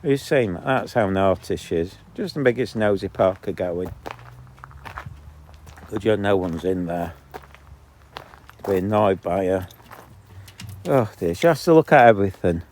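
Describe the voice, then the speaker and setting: A man with a low voice, vlogging while walking his dog along a canal and ranting indignantly between remarks to the dog. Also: animated, unhurried, pauses often, a little mellow, slight background noise. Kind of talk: casual outdoor vlog ranting. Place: outdoors on a canal towpath. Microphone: handheld camera.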